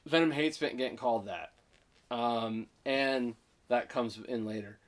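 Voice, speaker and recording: Excitedly retelling a film, a male co-host with a mid-range pitch chats casually. He performs the dialogue by flipping rapidly between different character voices.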